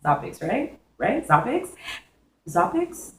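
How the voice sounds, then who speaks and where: A hoarse young woman chatting casually to camera, hosting her own advice segment with a chatty, giggly manner. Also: low-pitched, fairly even intonation, normal speed, reverberant, rough recording. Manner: chatty, giggly, talks straight to viewers.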